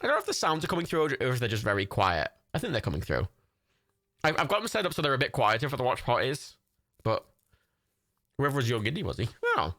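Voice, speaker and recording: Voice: mid-range voice, wildly swooping pitch, fast, a bit bright, no echo, clean studio sound. A young adult streamer hosting a watch party, chatting casually, reading out chat and gifts, swearing freely and laughing often.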